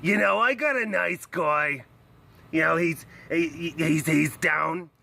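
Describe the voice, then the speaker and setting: A man voicing a gossipy, chain-smoking middle-aged woman with a raspy smoker's voice. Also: a little high, slow pace, pushed and bright, full character voice. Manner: fussy matchmaking chatter.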